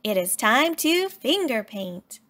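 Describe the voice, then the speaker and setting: A woman voicing a patient, kindly female schoolteacher who speaks clearly, as if explaining a lesson. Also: on the high side, sing-song, takes it slowly, fairly bright tone, exaggerated voice. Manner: clear and instructive.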